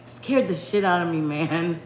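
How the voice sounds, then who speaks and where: A middle-aged woman chatting casually on a home live stream, loud and swearing, laughing a lot. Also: lowish voice. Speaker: livestream host. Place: home bedroom at night. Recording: echoey room with faint noise.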